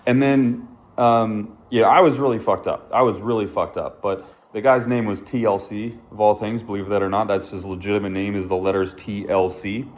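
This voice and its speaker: A man's voice: lowish voice, steady tone, moderate pace. Man casually telling his story to camera. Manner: candid, swears often, addresses viewers as dude and bro. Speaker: motorcycle vlogger.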